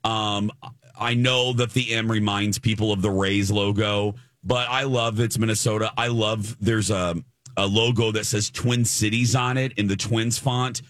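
Man, co-host, from Chicagoland, lowish voice, dry close sound, eager rambling chat. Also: steady tone, a little slow, fairly bright tone, no room sound. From Chicago area. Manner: chatty and enthusiastic, with frequent restarts. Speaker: radio show co-host. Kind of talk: casual chat.

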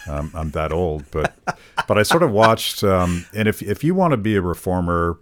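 A man hosting a conversational interview, speaking in a measured, thoughtful way with the occasional filler. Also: deep voice, expressive. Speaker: host.

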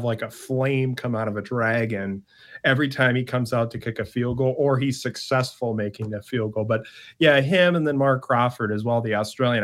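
A man talking sports as a podcast guest, conversational, with frequent "like" fillers. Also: mid-range voice. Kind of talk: casual sports analysis chat.

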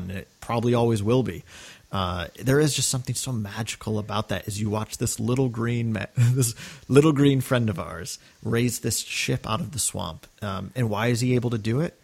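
A man's voice: mid-range voice, creaky. A man co-hosting a podcast, talking earnestly and enthusiastically in casual chat, with many fillers and restarts. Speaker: podcast co-host.

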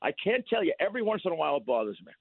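A man's voice: a little high, rapid-fire, vocal fry, breathy edge, dry recording. Older New man on a phone line. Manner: animated storytelling, repeats words, laughs. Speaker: interview guest. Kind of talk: casual radio interview. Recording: thin phone-line sound.

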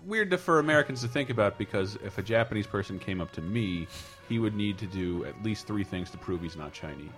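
A man's voice: on the low side, animated, fairly quick, fairly bright tone, faint music behind. A man in casual chat, making dry, wry remarks.

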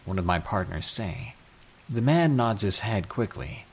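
A man reading true scary stories aloud, with an expressive storytelling delivery. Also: fairly low pitch, a little slow, slightly rough. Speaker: narrator.

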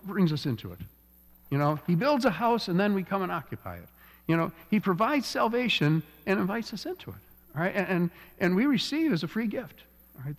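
Gravelly preacher in an echoing hall. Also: male voice, fairly high pitch. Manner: conversational, repeats words, frequent "all right?" and "you know". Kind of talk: sermon. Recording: long reverb of a church hall.

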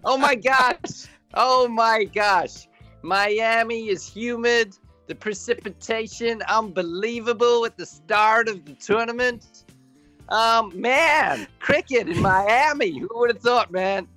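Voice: medium pitch, slow, a bit bright, faint music behind. A radio presenter putting on an exaggerated mock accent as a man gushing about his trip. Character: man in an over-the-top put-on accent. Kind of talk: comedy impression clip.

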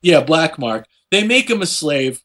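A man casually retelling a comic book plot in a profane, animated way, slipping into quick voices for the characters. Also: fairly high pitch.

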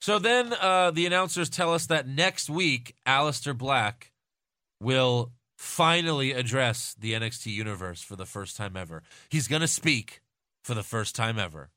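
A man chats casually as a podcast co-host, often slipping into loud impressions of others. His voice is bright and swings widely in pitch. The sound is dry and close. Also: normal speed, no room sound. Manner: animated, mimics wrestlers and reporters in loud put-on voices. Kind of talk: casual wrestling chat.

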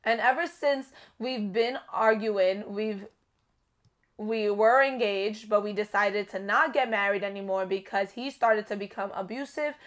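A young woman co-hosting a casual relationship-advice podcast, talking loudly and animatedly and swearing freely. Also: mid-range voice, measured pace. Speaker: podcast co-host.

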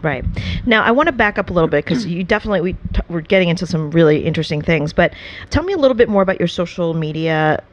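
A woman hosting a casual interview in a fairly low voice. She reacts with short interjections and steers the talk with her questions. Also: animated, fast talker, few pauses, a little hiss or hum. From US suburbs. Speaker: interview host.

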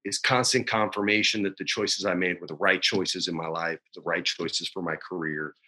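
A man in his forties, guesting on a casual interview, speaks candidly and with feeling, dropping "man" and "dude" often. His deep voice is steady and sharp-toned, at a moderate pace.

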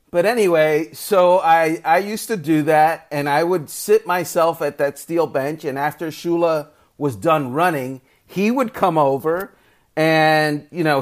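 A man, a sports reporter, telling a story in a casual podcast manner and acting out the people he quotes. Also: a little high. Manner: animated anecdote-telling, acts out quoted voices.

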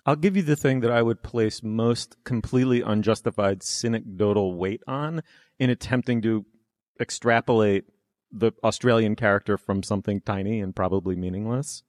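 A man's voice: lowish voice, normal speed, darkish tone, dry recording, clean studio sound. A man co-hosting a culture podcast, erudite and wry, with profane asides. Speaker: podcast co-host.

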